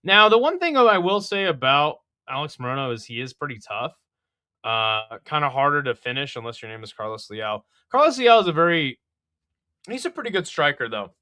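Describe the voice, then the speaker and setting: Profane, animated young man. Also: a little high, moderate pace, clear, resonant tone, no echo, clean studio sound. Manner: blunt, profane, exasperated and mocking. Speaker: MMA fight card previewer. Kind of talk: casual fight breakdown.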